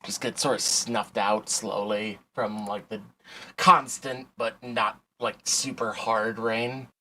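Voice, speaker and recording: A man's voice: on the low side, fairly even intonation, takes it slowly, bright, forceful tone. A man narrating a tabletop game as game master, in a casual, rambling way with many fillers.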